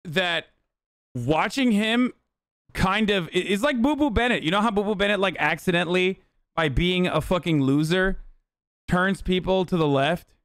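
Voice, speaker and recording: A man's voice: high voice, moderate pace, fairly bright tone, clean tone, dry recording. Male streamer host, casual and profane, exasperated riffing; close dry mic. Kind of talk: casual live-stream commentary.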